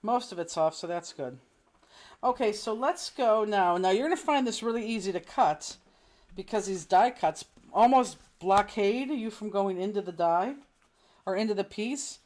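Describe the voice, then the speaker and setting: A woman's voice: medium pitch, animated, moderate pace, darkish tone. A middle-aged woman teaching a live online crafting class, chatty and explaining each step as she works. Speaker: crafting instructor.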